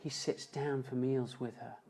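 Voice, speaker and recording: A man telling an emotional story as a motivational speaker on a live stream, earnest, slowing and dropping softer for emphasis. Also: mid-range voice, flat delivery, gravelly, poor audio. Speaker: motivational speaker and seminar founder. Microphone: phone or webcam on a live stream.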